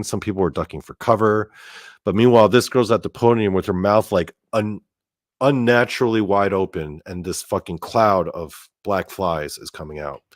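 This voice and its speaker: Low-voiced man rambling through a story. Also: no room sound, clean studio sound. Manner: rambling, filler-heavy, swears freely. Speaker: podcast host. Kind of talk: casual storytelling.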